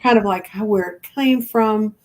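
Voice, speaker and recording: An older woman in her seventies chats as a guest on an online show. She tells stories at an even middle pitch and slips into the voices of the people in them. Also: moderate pace. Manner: chatty, animated storyteller acting out quoted voices. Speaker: guest, crystal reader. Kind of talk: casual storytelling chat.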